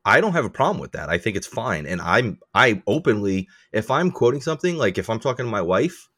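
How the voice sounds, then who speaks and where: Animated man on a podcast, lively pitch. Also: a little fast. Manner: animated, laughing, swears freely, self-deprecating. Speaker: podcast co-host. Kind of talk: casual chat.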